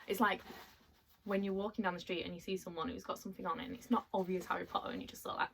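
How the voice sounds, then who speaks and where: A woman chatting casually as she unboxes items at home, excitable and quick to laugh. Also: mid-range voice, creaky, a little hiss or hum. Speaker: vlogger. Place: at home, in a bedroom.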